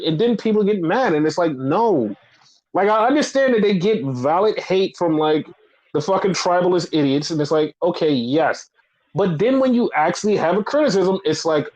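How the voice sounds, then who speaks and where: A man's voice: high-pitched, expressive, moderate pace, a little mellow, poor audio. A man co-hosting a casual wrestling podcast, ranting with lots of swearing and repetition. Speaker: podcast co-host.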